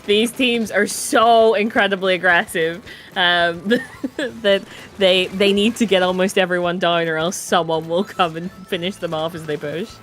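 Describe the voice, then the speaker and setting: A woman's voice: lowish voice, fairly even intonation, unhurried, a bit bright, a little hiss or hum. A woman giving color commentary on an online video game tournament, chatty and musing, laughing often. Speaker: esports co-commentator.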